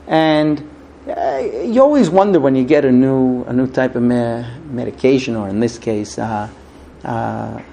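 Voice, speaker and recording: A man's voice: medium pitch, animated, vocal fry, warm tone, slight background noise. A middle-aged man, not a native English speaker, giving an informal sermon full of stories, often stumbling and restarting his sentences. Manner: halting restarts, storytelling, acts out quoted voices.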